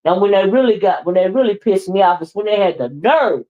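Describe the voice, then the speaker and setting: A woman's voice: mid-range voice, sing-song, moderate pace, a little mellow. A woman hosting a casual livestream, scolding and sassy, with repeated "okay?" and "child.". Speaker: livestream host.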